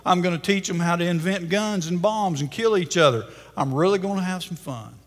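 Loud boasting devil guy, preacher puts him on, high-ish voice, big echoey church. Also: wildly swooping pitch, fairly quick, gravelly, husky, exaggerated voice. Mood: gloating boastful. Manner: gloating, boasting, taunting. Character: boastful gloating male devil. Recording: long church-hall reverb.

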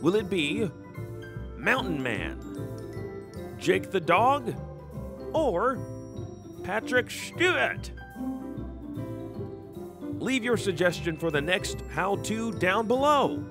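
A man's voice: sits high, big pitch swings, takes it slowly, pauses often. A man giving upbeat, announcer-like scripted narration for a vlog. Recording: narration over music.

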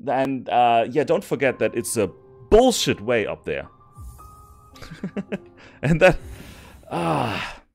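A man commentating his own gameplay, cursing in frustration and swinging between loud outbursts and low muttering. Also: sing-song, takes it slowly, vocal fry, long pauses, faint music behind. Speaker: gaming streamer. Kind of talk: let's play commentary.

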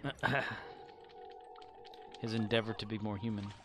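A man's voice: on the low side, fairly even intonation, unhurried, background noise. Laid-back streamer guy, goofy, keyboard clicking behind him. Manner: playful, laughs and hums between remarks. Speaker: game streamer. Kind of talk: casual live-stream chat.

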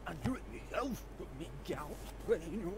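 An actor playing a gruff, grumbling older village man in a game. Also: high voice, expressive, moderate pace. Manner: grumbling, indignant. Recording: game audio with background noise.

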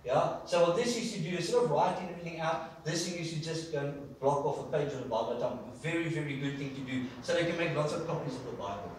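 A fairly high-voiced man preaching to his congregation, stopping to put questions to them. He is picked up from a distance in a very echoey church hall, with a faint hiss underneath. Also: fast talker, hardly any pauses. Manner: storytelling, asks the congregation questions. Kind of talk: sermon.

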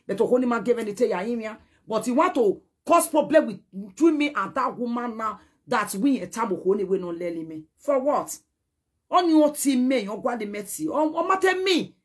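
A woman's voice: mid-range voice, breathy edge. A woman with a Nigerian accent, delivering an emphatic, rambling direct-to-camera message. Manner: emphatic and rambling, code-switching. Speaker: social media personality.

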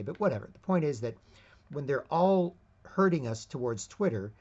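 A man's voice: mid-range voice, lively intonation, normal speed, darkish tone. A man hosting an online show, talking in a rambling, unscripted monologue full of fillers and restarts. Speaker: host. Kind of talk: casual monologue. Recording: slightly dull lo-fi audio.

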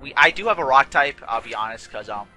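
A man's voice: medium pitch, lively intonation, quick pace, pushed and bright. A man hosting a casual let's play, chatting and correcting himself as he plays, a bit tired and yawning. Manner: rambling, self-correcting, chatty. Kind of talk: casual gameplay commentary. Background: game music.

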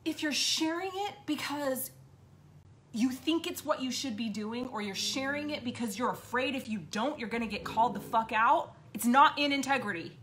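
A woman's voice: high voice, normal speed, a bit bright. A woman host giving an impassioned, blunt monologue, swearing often and repeating points for emphasis. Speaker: podcast host.

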